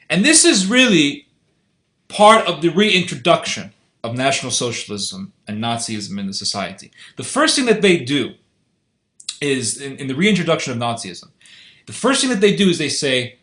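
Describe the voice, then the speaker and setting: A man's voice: mid-range voice, very animated, moderate pace, fairly bright tone, reverberant. Earnest man in a spoken commentary. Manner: earnest and insistent, often repeats and restarts phrases. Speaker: online video commentator. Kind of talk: unscripted commentary monologue.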